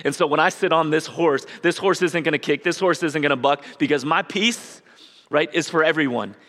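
A preacher voicing a calm, self-assured peacemaker. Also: male voice, a little high, long reverb tail, natural voice. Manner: confident, measured reassurance.

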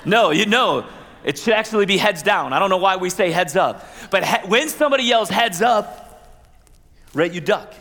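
A man's voice: high-pitched, lively intonation, a little fast, bright, forceful tone. A man pastor giving a conversational sermon, with asides and playful quoted voices. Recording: long hall reverb.

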